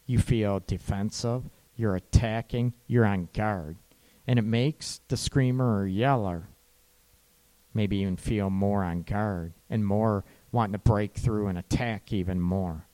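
A man hosting an advice show, talking casually about calming arguments between partners and tagging his sentences with "right?". He sometimes voices what a partner might say. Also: fairly low pitch, unhurried. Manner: conversational, frequent "right?" tag questions; acts out partner's lines in quoted dialogue. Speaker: relationship advice host.

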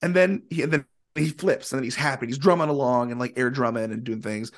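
A man telling a long story in a casual, animated way, with plenty of fillers and acted-out quotes. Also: mid-range voice, brisk. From Indianapolis area, USA. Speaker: guest musician.

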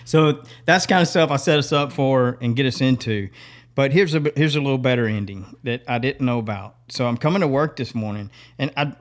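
A man, co-hosting a podcast, telling stories in a lively way, laughing often and acting out what people said. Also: mid-range voice. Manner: animated, laughs often, acts out quotes. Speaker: podcast co-host. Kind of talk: casual storytelling chat.

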